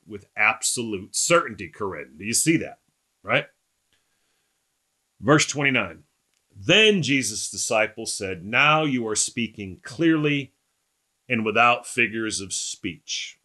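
A man leads a verse-by-verse Bible teaching. He sounds emphatic and keeps checking in with his listeners. His voice is bright and forward at an ordinary pitch. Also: animated, unhurried. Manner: rhetorical questions to listeners.

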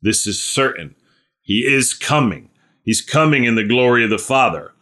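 A man's voice: expressive, moderate pace, sharp tone. A man preaching a sermon in an earnest, emphatic way, repeating phrases, asking rhetorical questions and restarting often. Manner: earnest, emphatic, repeats phrases, rises in pitch on key words.

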